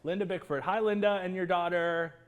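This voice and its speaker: A man hosting a live cooking class, chatty and excitable, greeting viewers by name. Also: sits high, fairly quick.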